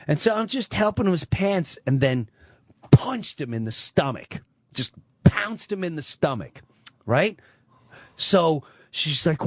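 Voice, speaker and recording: Animated man telling a story on radio. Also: mid-range voice, dry recording. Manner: animated, acts out quoted voices. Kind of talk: storytelling on a talk radio show.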